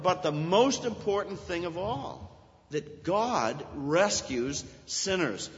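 A man's voice: a little high, a bit bright. Earnest man preaching in echoing church. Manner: earnest expository preaching, rising emphasis on key points. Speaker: pastor. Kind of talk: sermon. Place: church sanctuary. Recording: dull sound with long church reverb.

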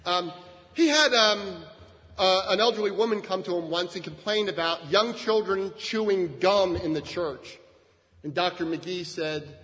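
High-voiced male preacher in reverberant hall. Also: normal speed. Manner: conversational, frequent "right?" asides, lively shifts in emphasis. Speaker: pastor. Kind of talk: sermon. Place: church sanctuary. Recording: long reverb of a church hall.

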